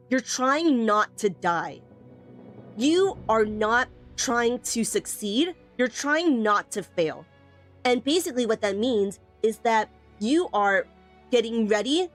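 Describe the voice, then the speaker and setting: A woman streaming a game tutorial, teasing and emphatic, repeating points and answering chat. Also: fairly high pitch. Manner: playful, teasing, emphatic with repetition. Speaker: streamer teaching a game weapon. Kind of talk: live stream tutorial, chatting with viewers.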